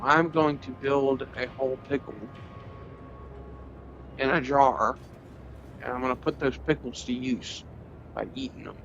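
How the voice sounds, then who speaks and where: A man's voice: mid-range voice, a bit bright, slight background noise. A man making a casual gaming video, rambling along and mocking his own jokes. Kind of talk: casual joking vlog talk. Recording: slightly dull lo-fi audio with faint music. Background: faint background music.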